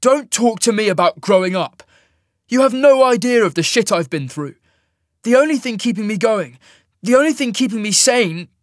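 A man's voice: sits high, animated, normal speed, a little mellow, no room sound, studio quality, voice pushed up. A man voicing a sullen, hot-tempered young man who speaks sharply and petulantly in a storybook reading. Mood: angry.

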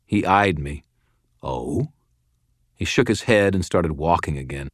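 A man with a very low voice narrates a first-person audiobook. His delivery is steady and understated. The recording is dry and close, with no room sound. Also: normal speed, no echo.

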